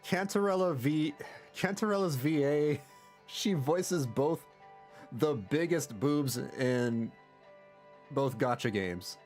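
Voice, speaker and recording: A young man casually commenting on a game while livestreaming, with chatty, animated reactions. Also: fairly high pitch, takes it slowly, soft background music. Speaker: streamer.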